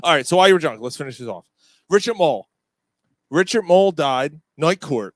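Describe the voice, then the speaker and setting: This pub-studio sports podcast co-host speaks briskly in a voice on the high side, with no echo. He's a casual, crude, animated storyteller who swears freely and acts out screams.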